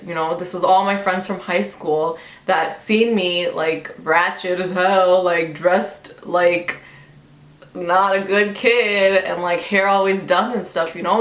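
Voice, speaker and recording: A woman's voice: fairly low pitch, fairly bright tone, echoey room. A young woman tells a personal story to her viewers in a casual, chatty way, filling her speech with "like" and "you know.". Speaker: vlogger. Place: bedroom at home.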